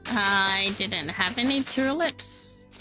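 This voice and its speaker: A woman Minecraft streamer chats casually while playing and building, often laughing and poking fun at herself. Her medium-pitched voice is slow, heard over music, and the audio is poor.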